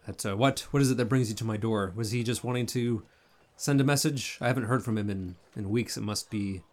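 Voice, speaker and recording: A man voicing a friendly older male deep gnome in a tabletop game, chatty and a little bumbling. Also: brisk, natural voice. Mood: relieved. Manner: warm, chatty, slightly bumbling.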